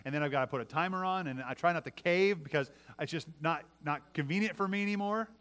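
Speaking fast in a slightly high, fairly bright voice, a middle-aged male pastor preaches in a chatty style. He often asks his listeners "right?" and frequently starts his phrases over.

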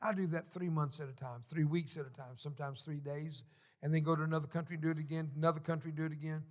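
A middle-aged man preaching a sermon, telling folksy stories with emotion and sudden shouted swells. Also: fairly high pitch, fairly even intonation, quick pace. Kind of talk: sermon storytelling.

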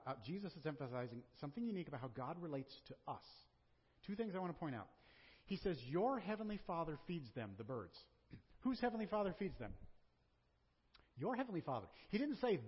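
Man, pastor, Southern American accent, sermon, husky voice, dull lo-fi church recording. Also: on the high side. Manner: conversational preaching with rhetorical questions. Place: church sanctuary. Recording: dull sound with long hall reverb.

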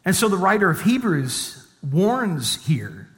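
A man's voice: high voice, big pitch swings, slow pace, few pauses, a bit bright. A middle-aged man preaching a sermon as a pastor, mixing scripture reading with conversational, humorous personal stories. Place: church sanctuary. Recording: long reverb of a church hall.

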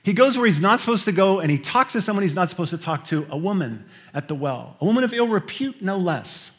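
A man preaching a sermon, shifting between hushed scripture reading and loud, emphatic storytelling. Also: high voice, lively intonation, fast talker. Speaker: pastor.

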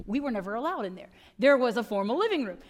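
A woman's voice: fairly high pitch, big pitch swings, fast talker. A middle-aged woman preaching a sermon as pastor, conversational, wry and emphatic, often adding "right?" to her points.

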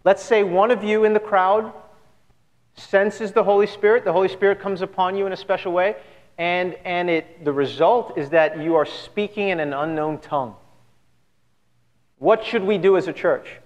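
A male pastor with a high voice speaks at normal speed, giving his church an earnest, conversational sermon packed with rhetorical questions. He's in the church sanctuary, and the recording carries the long reverb of a church hall.

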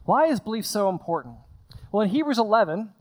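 Guy preaching from a stage, high voice, chatty, acts stuff out, repeats himself a lot. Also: sing-song, fairly quick. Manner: conversational, acts out scenes, repeats words. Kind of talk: sermon. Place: stage in front of a congregation.

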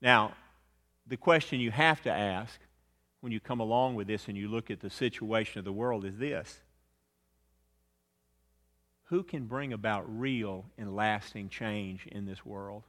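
Bright-voiced preacher in an echoing hall. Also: male voice, measured pace, pauses often. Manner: earnest, swells louder then drops low and quiet. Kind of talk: sermon.

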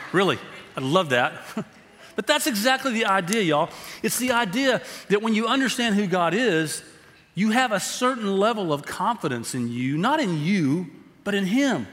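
A man preaching a sermon, telling a story and then building to slow, emphatic exhortation. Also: sits high, fairly bright tone. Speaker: pastor. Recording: long hall reverb.

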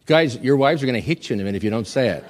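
A man's voice: medium pitch, racing. A male pastor preaching a sermon to his congregation in a church, urging the men and joking with the crowd. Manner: animated preaching, calls for audience repetition, jokes with congregation. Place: church sanctuary. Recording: long reverb of a large hall.

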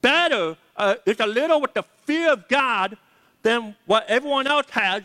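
A man's voice: sits high, big pitch swings, a little slow, sharp tone. A man preaching a sermon as pastor, emphatic, repeating key words and leading the congregation to say them aloud. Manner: leads the audience to say words aloud. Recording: long reverb of a large hall.

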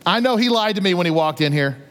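A man's voice: high-pitched, animated, fast talker, fairly bright tone. A man voicing a suspicious young female servant with a gossipy, conversational manner, in a reverberant hall. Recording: long reverb of a large hall.

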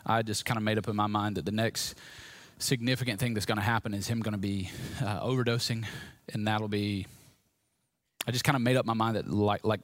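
Speaking with a fairly low voice, a man gives a candid personal testimony sermon to a live audience in a room, shifting from quiet storytelling to loud, forceful emphasis. The recording carries no room sound.

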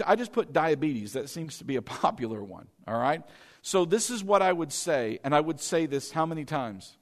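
A man preaching a sermon, repeating phrases over and over as he builds emphasis. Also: fairly high pitch. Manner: repetitive, building intensity with chanted phrases. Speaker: pastor.

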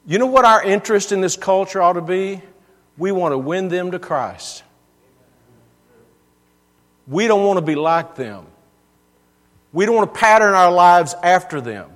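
A man's voice: high-pitched, animated, unhurried, long pauses, fairly bright tone, in a large hall. A man preaching a sermon in a church, earnest and given to repeating words for emphasis.

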